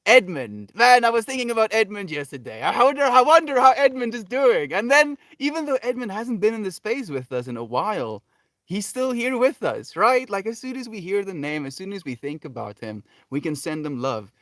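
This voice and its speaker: A man with a somewhat high voice who talks slowly and reflectively on a livestream, drifting between thoughts with many fillers. The sound is dry and close, with almost no room around it. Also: big pitch swings, dry recording. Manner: soft, meandering, with many fillers and restarts. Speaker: livestream host. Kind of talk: reflective spiritual livestream talk.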